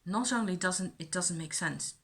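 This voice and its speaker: A middle-aged woman thinking aloud about her childhood in a reflective personal monologue, with many pauses and restarts. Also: lowish voice. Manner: thoughtful, musing, with many fillers and restarts.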